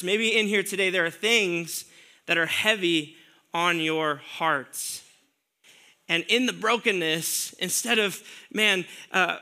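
Bright-voiced man preaching a sermon. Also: high-pitched. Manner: conversational preaching with rhetorical questions. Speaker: pastor.

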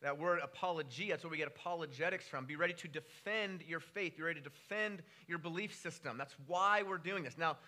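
A man in his thirties preaching a sermon, telling a story with animated, rising delivery. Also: fairly quick, hardly any pauses. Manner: animated storytelling, pitch jumping when excited. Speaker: pastor.

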